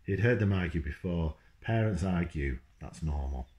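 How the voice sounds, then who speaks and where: A man's voice: low voice, animated, normal speed, darkish tone. A man, a children's author, reading his book aloud at home and stopping now and then to talk to his dog. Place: at home, indoors. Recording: roomy echo.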